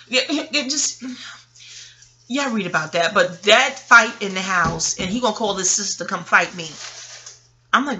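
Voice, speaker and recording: A woman, telling a personal story to her viewers in a casual, profane and animated monologue. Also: on the high side, moderate pace, slight background noise. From New York. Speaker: vlogger.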